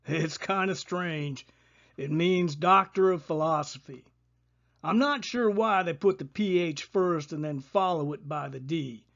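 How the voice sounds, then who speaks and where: A storyteller voicing a tall, friendly male librarian with a deep voice who explains things patiently. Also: a little slow, vocal fry, fairly bright tone, lo-fi sound.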